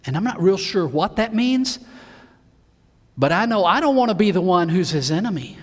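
A man with a high voice preaches a sermon. He acts out the Bible figures' lines and swings from hushed to loud, and his words ring out with long reverb in a large hall. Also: very animated, normal speed.

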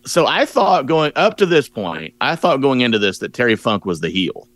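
A man's voice: mid-range voice, sing-song, normal speed, a bit bright, dry recording. A man co-hosting a podcast, talking in a rambling, casual way full of fillers. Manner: rambling, filler-heavy reactions. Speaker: podcast co-host. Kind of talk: casual chat.

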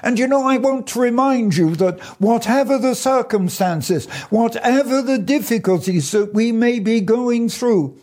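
A man's voice: very high voice, a little slow, few pauses, a little mellow. An older man preaching a sermon, earnest and fervent, quoting scripture as he testifies.

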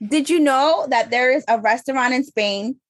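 A woman co-hosting a casual podcast, sharing trivia facts with playful deadpan quips. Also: high-pitched, normal speed, dry recording, studio quality.

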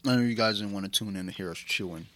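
A man co-hosting a casual podcast chat, talking in a rambling, profane and excitable way. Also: on the low side, rapid-fire. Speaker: podcast co-host.

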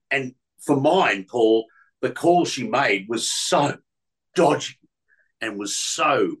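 Emotional radio man, bright voice. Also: on the low side, poor audio. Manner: emotional, repeats words and restarts often. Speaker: radio presenter, guest. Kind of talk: storytelling interview.

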